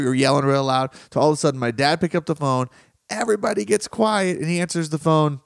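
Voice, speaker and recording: A man's voice: fairly high pitch, fairly quick, gravelly, dry recording, studio quality. A man hosting a podcast as a relationship coach, telling stories in a loose, conversational way and briefly acting out the people in them. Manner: conversational storytelling, acts out quoted voices. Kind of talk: solo podcast monologue.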